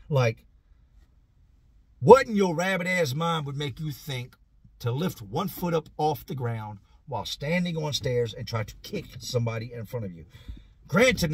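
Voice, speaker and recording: Husky man telling a rowdy story. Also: on the high side. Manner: animated, profane, conversational storyteller. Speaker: vlogger telling prison stories. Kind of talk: casual storytelling.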